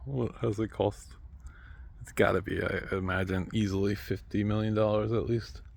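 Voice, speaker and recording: Low gravelly guy rambling to camera, mumbles then random loud bursts. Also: flat delivery, moderate pace. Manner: rambling, trails off, then sudden loud outbursts.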